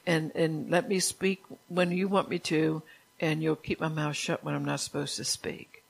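A woman's voice: deep voice, flat delivery, normal speed, creaky, breathy edge. An older woman leading an informal Bible study, telling personal stories and asking the group questions. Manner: chatty, testimonial, asks the group questions.

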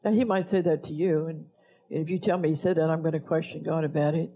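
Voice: mid-range voice, fairly even intonation, fast, highs cut off. A pastor preaching a sermon, blunt and scolding toward the congregation.

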